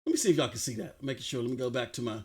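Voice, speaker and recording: A man hosting a live stream, talking excitedly about gaming with frequent shouted bursts. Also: medium pitch, very fast, husky. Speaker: livestream host.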